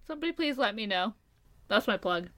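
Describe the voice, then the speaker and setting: A woman's voice: medium pitch, expressive, fairly quick, a bit bright. A young woman from Maryland co-hosting a podcast, rambling and giggling through casual questions. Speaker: podcast co-host.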